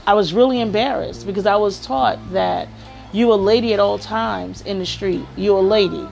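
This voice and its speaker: A woman's voice: medium pitch, moderate pace, gravelly, darkish tone, faint music behind. A woman hosting a podcast, giving advice in a chatty storytelling way and often saying "you know.". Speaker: podcast host. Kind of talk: casual advice monologue.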